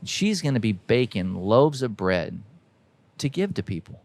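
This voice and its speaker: A man's voice: lowish voice, sing-song, measured pace, a little mellow, dry recording. A man hosting a podcast, delivering a folksy, emphatic motivational monologue that exhorts listeners directly. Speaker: podcast host.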